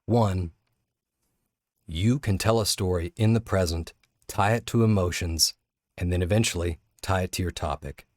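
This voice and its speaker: Man, deep voice, public speaking teacher, candid personal storytelling, halting restarts, dry close sound. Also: a little mellow, dry recording.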